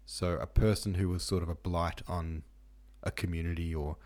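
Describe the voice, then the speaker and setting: A man's voice: sits low, little pitch movement, normal speed, a little mellow. A man hosting a book podcast, reading listener notes and chatting through them in a musing way, with plenty of ums and asides. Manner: reads listener comments and reference passages aloud. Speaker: podcast host. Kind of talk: casual book-club podcast discussion.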